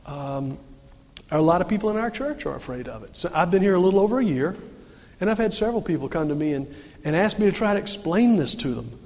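A male pastor delivering a folksy sermon, often asking questions and answering them himself. His voice sits high for a man. It carries a long reverb from a church sanctuary. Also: animated, fast, darkish tone.

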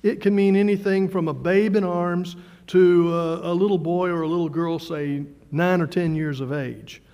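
A man preaching a sermon in a conversational way, with fillers and repeated words, slowing down for emphasis. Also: high-pitched, fairly even intonation, warm tone. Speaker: pastor. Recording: long hall reverb.

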